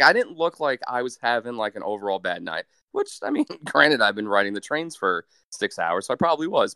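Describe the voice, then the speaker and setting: A young man telling a story in a casual, animated, profane way, with deadpan asides. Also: medium pitch, no echo, studio quality. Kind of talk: casual story told to a friend.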